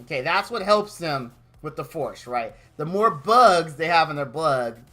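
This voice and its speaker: Animated, exasperated ranting man. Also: on the high side, unhurried. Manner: acts out made-up quotes in goofy voices. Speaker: streamer. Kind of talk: comedic rant.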